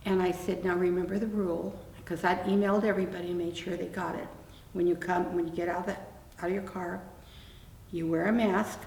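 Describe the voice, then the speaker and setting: An older woman recounts an episode to her interviewer, acting out both sides of the exchange with a blunt, wry edge. Her voice has a gravelly texture and sits at an ordinary pitch. She is picked up from a distance in an echoey room with a faint hum behind. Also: brisk. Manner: animated anecdote with quoted dialogue, blunt and wry. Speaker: interview guest. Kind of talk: storytelling in an oral-history interview.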